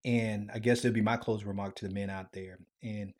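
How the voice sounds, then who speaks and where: A man hosting a faith podcast, earnest, often dropping to a hushed tone. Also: on the low side, little pitch movement, a little fast. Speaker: podcast host.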